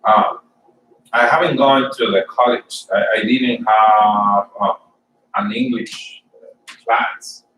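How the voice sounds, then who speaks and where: A man from Colombia, giving an informal sermon and personal testimony for a church service, halting and often repeating words as he tells his story. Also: on the low side, fairly even intonation, a bit bright, echoey room, distant mic, slight background noise, poor audio. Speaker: church speaker.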